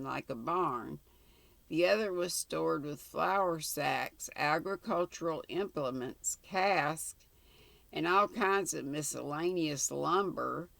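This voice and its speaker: An older woman reads a story aloud at an unhurried, careful pace. Her voice has a gravelly edge. It is recorded dry and close, with no room sound. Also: deep voice, fairly bright tone, no room sound. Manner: slow, measured, plain reading with small slips. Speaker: channel host, story reader.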